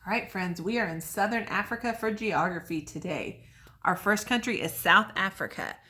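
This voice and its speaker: A woman's voice: medium pitch, moderate pace, pushed and bright. A woman teacher leading children through a memory lesson with chants and motions, upbeat and encouraging. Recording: echoey room, voice from far off.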